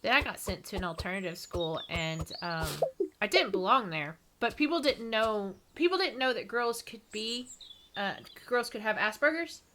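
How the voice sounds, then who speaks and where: Bright-voiced Texan woman, rambling chat. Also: mid-range voice, animated, moderate pace, slight background noise. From East Texas. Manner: rambling, self-mocking, laughs often. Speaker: streamer reading viewer comments. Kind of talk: casual chat.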